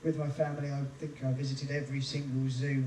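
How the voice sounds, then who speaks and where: A man's voice: mid-range voice, monotone, quick pace, dark tone, slight background noise. A man entertaining a cruise ship audience, telling self-mocking jokes between songs into a stage mic. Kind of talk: live singing and stage banter. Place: large room on a cruise ship, live with audience. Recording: echoey, distant live recording with band.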